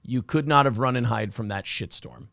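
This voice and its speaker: A man's voice: medium pitch, normal speed, vocal fry, a bit bright, dry recording. A man co-hosting a comedy news show, riffing sarcastically with mocking asides. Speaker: podcast co-host.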